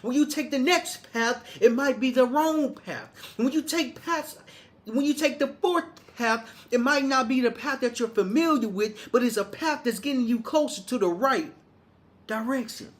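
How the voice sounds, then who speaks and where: A man's voice: extremely high pitch, normal speed. A man from Arkansas, giving a motivational monologue in a preachy, repetitive way with many restarts. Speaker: motivational speaker.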